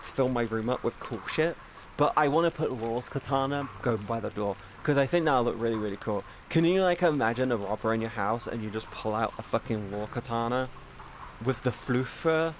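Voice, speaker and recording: A man's voice: mid-range voice, moderate pace, slight background noise. Rambling, profane male streamer. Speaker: live streamer. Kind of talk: casual stream chat.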